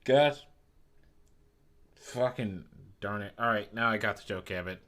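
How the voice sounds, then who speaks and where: A man's voice: on the low side, steady tone, normal speed, bright, forceful tone. A male streamer chatting casually while he plays, teasing his chat playfully and swearing freely.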